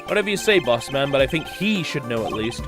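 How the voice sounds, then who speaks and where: A man's voice: mid-range voice, big pitch swings, quick pace, close to an everyday voice. A man voicing a smug male rival who needles and mocks, over game music. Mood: taunting. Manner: mocking, taunting.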